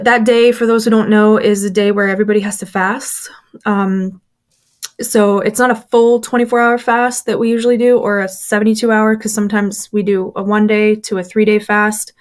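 A woman being interviewed, telling a personal story candidly with lots of fillers, acting out the voices of people she quotes. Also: mid-range voice. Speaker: interview guest, former church member.

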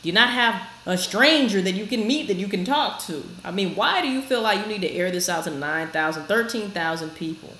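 A woman's voice: mid-range voice, fairly bright tone. A woman hosting a reaction video, giving frank, chatty commentary straight to her viewers. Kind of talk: casual commentary. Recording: echoey room with faint noise.

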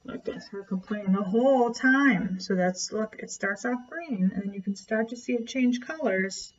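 A woman reading a picture book aloud to a child, gently pointing out and explaining the pictures. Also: fairly high pitch, moderate pace, recorded from a distance, muffled recording, slight background noise. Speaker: storyteller.

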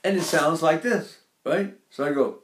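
A man's voice: fairly high pitch, normal speed. Older male voice teacher in an echoey room. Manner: talks to his class, breaks into brief sung and nasal demonstrations. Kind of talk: vocal lesson with sung demonstrations.

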